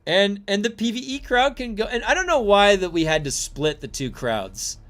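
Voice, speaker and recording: Animated male streamer, lively high voice. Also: normal speed. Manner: animated, acts out quotes in a high voice; profane, laughs often. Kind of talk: casual live-stream chat.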